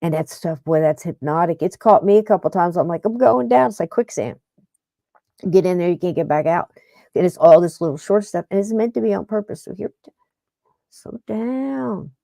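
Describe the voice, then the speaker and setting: Middle-aged woman host, warm low voice, rambling chatty talk, dry close sound. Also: fairly quick, no room sound. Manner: rambling, chatty, self-interrupting. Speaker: podcast host. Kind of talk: casual paranormal podcast talk.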